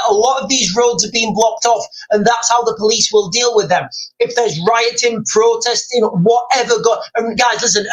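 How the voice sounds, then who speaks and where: A man's voice: high-pitched, fairly bright tone, poor audio. A man hosting a live stream, reading out viewer comments and talking straight to his audience in a rambling, repetitive way. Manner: rambling, repeats himself, talks straight to viewers.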